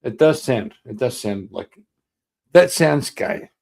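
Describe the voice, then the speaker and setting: A man's voice: medium pitch, big pitch swings, slow pace, creaky, a little mellow. A man on a live stream trading mocking, teasing banter. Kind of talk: casual chat on a live stream.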